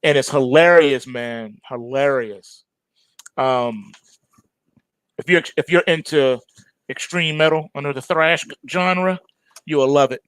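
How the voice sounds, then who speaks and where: Chatty, high-voiced man on a dry mic. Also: slow pace, long pauses, clear, resonant tone, no room sound. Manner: animated, repetitive, chuckling, with many fillers. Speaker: trading show host. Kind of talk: casual rambling commentary.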